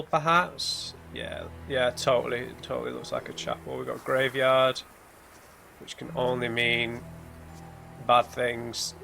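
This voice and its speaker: A man with a mid-range, sharp-toned voice and some vocal fry plays a story game blind for a let's play, musing over clues and muttering asides to himself as he explores. Eerie game music and hymns play in the background.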